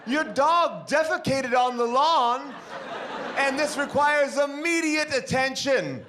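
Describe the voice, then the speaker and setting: A man doing a prim, haughty lady with a put-on upper-class English accent, her voice pitched high and stiffly formal. She scolds with exaggerated politeness, swooping up on every word. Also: lively intonation, slow pace, a crowd in the background, noisy background, heavily acted. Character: prim posh woman scolding a stranger.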